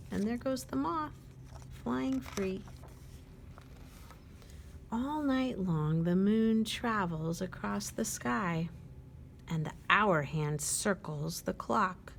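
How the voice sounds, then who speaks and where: A woman at a library storytime, reading a picture book aloud to children, gently asking them questions and dropping to a whisper at quiet moments. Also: fairly low pitch, creaky, slight background noise. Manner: slow and gentle, pausing to ask young listeners questions.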